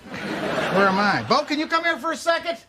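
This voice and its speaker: A man's voice: extremely high pitch, sing-song, normal speed. An actor playing an overworked, sarcastic husband and father who keeps cracking jokes. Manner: wisecracking, sarcastic. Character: overworked joking husband and dad. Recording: sitcom audio with loud background noise.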